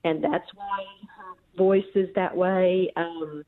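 A woman's voice: on the low side, fairly even intonation, slow pace. Woman guest on a tinny phone line. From central Missouri. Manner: thoughtful storyteller with frequent ums. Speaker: author and guest. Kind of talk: phone interview.

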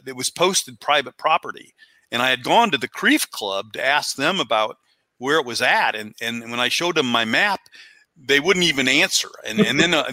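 A man hosting a golf podcast, chatting casually and telling stories in a lively way. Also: medium pitch, no room sound. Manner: storytelling, animated when acting out others. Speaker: podcast host. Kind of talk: casual interview chat.

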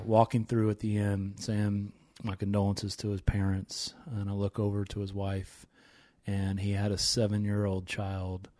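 A man's voice: lowish voice, no room sound. A man in his thirties, a recovery minister hosting a podcast, talking in an earnest, heartfelt way. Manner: earnest, heartfelt, drops quiet when moved. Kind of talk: casual reaction chat.

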